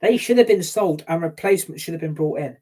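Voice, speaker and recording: A man's voice: a little high, quick pace, mellow. A man giving an angry, heated rant as a football fan, swearing freely. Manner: heated, ranting, heavy swearing. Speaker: football fan channel host.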